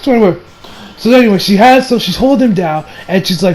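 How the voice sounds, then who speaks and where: A man's voice: sits high, expressive, fast talker, a little mellow. A young man casually reviewing an anime episode, rambling and swearing, with many restarts and fillers.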